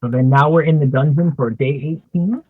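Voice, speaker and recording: A man's voice: fairly high pitch, fairly quick, slightly rough. A man in casual chat, walking through his comic pages and lightly acting out the characters' lines. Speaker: artist co-host. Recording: tinny phone-like dry sound.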